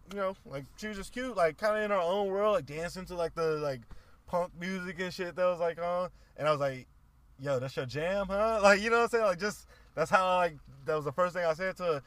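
A man co-hosting a podcast, telling a long casual story full of slang and swearing. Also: fairly high pitch. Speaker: podcast co-host. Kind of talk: casual chat.

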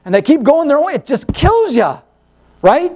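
High, lively male Bible teacher. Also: normal speed. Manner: animated, repetitive rhetorical questions. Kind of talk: sermon.

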